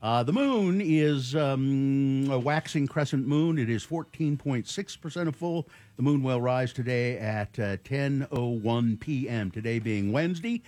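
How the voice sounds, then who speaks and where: A man's voice: mid-range voice, a little slow, hardly any pauses, a little mellow, no echo. A man hosting a morning radio show, rambling with lots of fillers and dry jokes. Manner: rambling, filler-heavy, jokey. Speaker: radio host.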